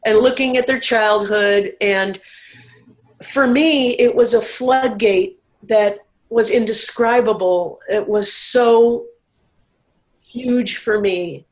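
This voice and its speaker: A woman's voice: on the high side, fairly even intonation, takes it slowly, poor audio. Candid woman telling her own story. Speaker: interview guest. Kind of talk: personal recovery story.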